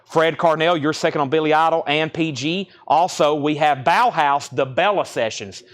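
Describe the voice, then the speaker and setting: A man hosting a live vinyl record sale stream, briskly repeating prices and bidder names. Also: on the high side. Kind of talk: live auction sales stream.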